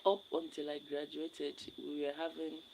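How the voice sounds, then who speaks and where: A woman's voice: deep voice, level tone, moderate pace, gravelly, darkish tone, slight background noise, rough recording. A young Nigerian woman with a Nigerian accent, chatting casually with viewers on a live stream and rambling, repeating her words.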